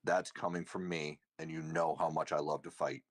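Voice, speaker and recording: A man's voice: extremely low pitch, little pitch movement, normal speed. A man voicing a blunt, fight-loving male adventurer who urges the group to be careful. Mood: urging caution. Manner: urgent, cautioning.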